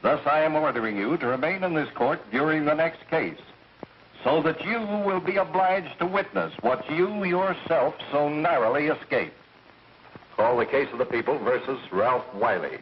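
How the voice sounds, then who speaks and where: An actor playing a stern judge who delivers a ruling in a formal, measured way, in 1930s film acting, recorded as dull and hissy 1930s film sound. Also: male voice, a little high, natural voice.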